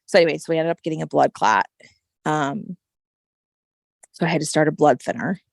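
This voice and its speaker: A woman guest telling a personal story in casual conversation, animated and full of "like" and "right?" fillers. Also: low-pitched, fairly quick, vocal fry, no room sound, studio quality. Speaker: podcast guest.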